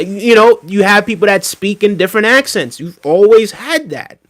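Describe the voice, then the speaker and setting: A man's voice: sits high, normal speed, fairly bright tone. Rambling, fired-up male stream host. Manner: rambling, heated ranting with many fillers. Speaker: livestream host. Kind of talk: casual live-stream chat reading viewer comments.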